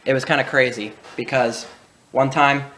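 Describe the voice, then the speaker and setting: A man's voice: medium pitch, moderate pace, background noise. A young adult man hosting a casual video, telling childhood stories with laughs and acted-out quotes. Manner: animated, laughing, acts out quoted voices. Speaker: channel host. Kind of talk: casual storytelling.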